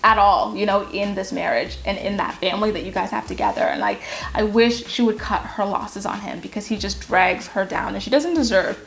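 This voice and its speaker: A woman's voice: mid-range voice, brisk, gravelly. A young woman casually recapping a reality show, candid and gossipy, with lots of filler words.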